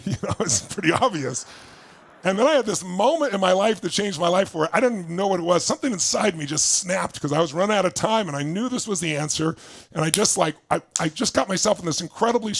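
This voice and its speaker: A man's voice: high voice, creaky. A man giving a motivational talk, telling a personal story with enthusiasm and acting out the other people in it. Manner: enthusiastic, acts out voices in anecdotes. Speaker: motivational speaker.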